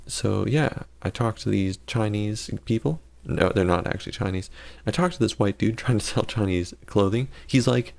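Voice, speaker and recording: A man's voice: on the low side, moderate pace, vocal fry, a little mellow. A man giving casual gameplay commentary and telling a story, rambling and correcting himself with sarcastic asides.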